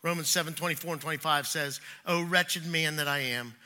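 A middle-aged man preaching a sermon, telling personal stories and acting out the voices he quotes, swinging between loud and hushed. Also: a little high, brisk. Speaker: pastor.

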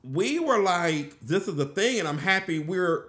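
A man's voice: high-pitched, a little slow. A man hosting a casual interview podcast, a real estate agent telling stories animatedly and acting out what people said. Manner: animated storyteller who acts out quotes. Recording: echoey room.

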